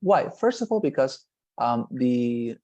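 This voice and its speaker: A man's voice: mid-range voice, sing-song, takes it slowly, mellow. A man teaching an online exam-prep class over a video call, explaining at length and checking in with the students. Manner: explanatory, repeats "nonetheless" and "right?".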